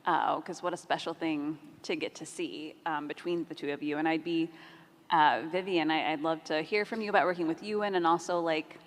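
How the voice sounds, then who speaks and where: A woman's voice: sits low, steady tone. Upbeat woman moderating a stage panel. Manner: upbeat, chatty, quick jokes. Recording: reverberant convention hall, crowd ambience.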